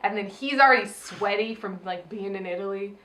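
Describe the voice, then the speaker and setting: A woman co-hosts a film review podcast, chatting casually, swearing freely and animatedly acting out her own reactions. Her mid-range voice is a little fast, and the recording has a roomy echo.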